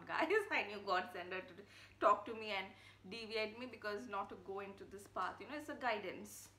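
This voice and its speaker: A young woman vlogging in a chatty, excitable way, often addressing her viewers as "guys.". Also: medium pitch, slight background noise. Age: young adult. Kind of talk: casual vlog chat. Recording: echoey room with faint ambience.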